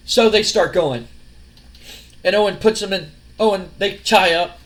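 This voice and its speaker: A man's voice: high-pitched, unhurried. A young man casually narrating a wrestling sim game, rambling and swearing as he retells the action. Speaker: let's-play narrator.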